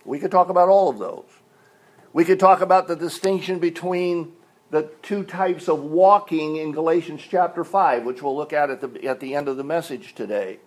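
An older man, a pastor, preaches a sermon, explaining things step by step like a teacher and leaning on single words for emphasis. His voice is fairly high, and he speaks at normal speed.

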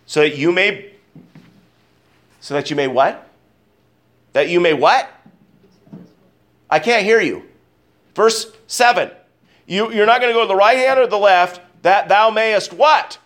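A pastor preaching a sermon, emphatic, rising on key words and dropping low, asking the congregation questions. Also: male voice, expressive, a little slow, long pauses, fairly bright tone. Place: church.

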